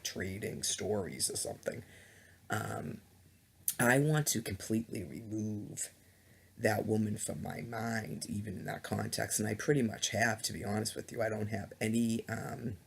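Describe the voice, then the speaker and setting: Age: adult. Sex: man. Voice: low, heavy creak. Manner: hesitant, indignant webcam rant. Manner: hesitant, many ums and restarts; disgusted, indignant. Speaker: vlogger. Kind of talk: rambling webcam monologue. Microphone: laptop webcam mic.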